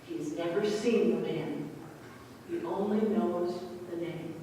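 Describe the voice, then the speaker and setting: A woman's voice: on the low side, slow, a little hiss or hum. Woman preaching in an echoey church. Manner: lively storytelling, acting out the scene. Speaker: pastor. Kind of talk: sermon. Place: large church sanctuary. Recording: distant mic in echoey hall.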